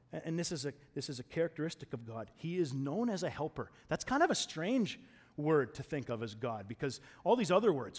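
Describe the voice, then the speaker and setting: Male preacher, fairly high voice, chatty sermon delivery, swings between loud emphasis and soft asides. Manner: conversational, repeats words when restarting.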